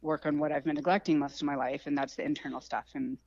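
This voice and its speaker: A woman's voice: low-pitched, fairly even intonation, fast talker, darkish tone, no echo. A woman in her thirties, a fighter, talking candidly and reflectively on a phone call with lots of ums. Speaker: guest fighter. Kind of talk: casual interview by phone.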